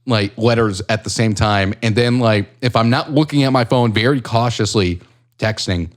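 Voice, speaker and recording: A man's voice: lowish voice, normal speed. A man co-hosting a podcast in casual chat, rambling and swearing freely with self-deprecating humor. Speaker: podcast co-host.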